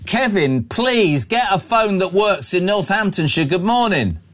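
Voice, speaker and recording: A man's voice: high-pitched, sing-song, measured pace. A man from southern England hosting a live radio phone-in, joking with callers and reading out their messages. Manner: jokey, chatty, reads out listener messages.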